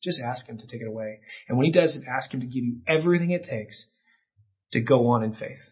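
A man preaching a sermon as pastor, impassioned, with peaks that rise to near-shouting. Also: mid-range voice, quick pace, breathy edge. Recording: dull lo-fi sound.

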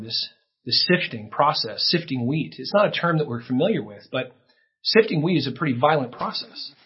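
A man's voice: medium pitch, highs cut off, slight background noise. A man preaching a sermon in an earnest way, his voice rising for emphasis, with a few restarts. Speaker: pastor.

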